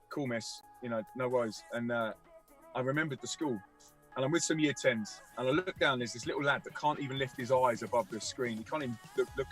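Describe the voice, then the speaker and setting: A man telling a vivid personal story as a guest, energetic, acting out the voices of people he quotes. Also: mid-range voice. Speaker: guest musician and youth speaker. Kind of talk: animated storytelling.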